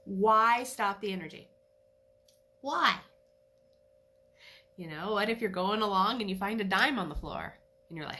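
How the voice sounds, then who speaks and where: A middle-aged woman, an animal communicator, giving a chatty, animated solo talk with frequent laughs. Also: medium pitch, measured pace, long pauses. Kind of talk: casual solo talk to camera.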